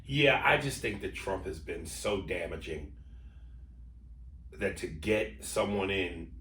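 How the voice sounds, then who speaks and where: A deep-voiced man co-hosting a podcast takes his time, yet sounds pushed and bright, captured on a distant mic in an echoey room. Passionate about politics, he swears freely and keeps stumbling into restarts.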